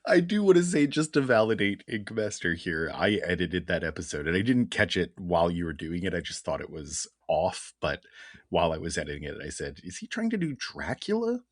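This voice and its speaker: A man co-hosting a podcast, reading listener mail in a dry, deadpan, casual way. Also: sits low, fairly quick, no room sound. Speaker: podcast co-host. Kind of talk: casual chat.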